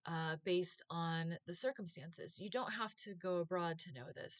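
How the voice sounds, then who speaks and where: Low-voiced American woman vlogging. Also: dry recording. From United States. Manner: chatty, reflective, with frequent filler words. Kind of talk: casual talk to camera.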